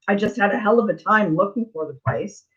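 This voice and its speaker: A woman's voice: medium pitch, expressive, fairly quick, a bit bright. Sex: woman. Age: middle-aged. Role: psychic tarot reader, livestream host. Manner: blunt, chatty, digressive. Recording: slightly dull lo-fi audio. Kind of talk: casual storytelling on a livestream.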